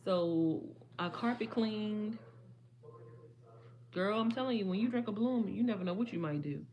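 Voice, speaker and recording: A young woman, chatting casually with viewers on a livestream, her voice a little hoarse. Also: medium pitch, expressive, fairly quick, a little mellow. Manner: chatty, addresses viewers as y'all. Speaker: livestream host.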